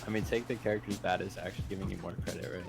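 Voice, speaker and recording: Gravelly low-voiced man, dry quips. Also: fairly even intonation, racing. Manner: dry, laconic remarks. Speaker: guest player. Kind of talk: casual chat while gaming. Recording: loud game music behind.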